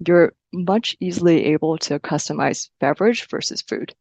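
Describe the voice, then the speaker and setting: Male consultant soundbite, raspy-gravelly, fairly high, dry. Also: moderate pace, a little mellow, no echo. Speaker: consultant interviewee. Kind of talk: interview clip.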